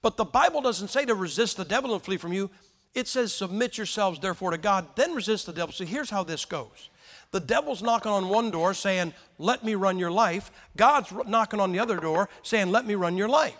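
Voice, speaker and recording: Guy preaching, fairly high voice, folksy storytelling, lots of echo from the church hall. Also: expressive, fairly quick, a bit bright. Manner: folksy storytelling with questions to the congregation. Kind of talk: sermon. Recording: long hall reverb.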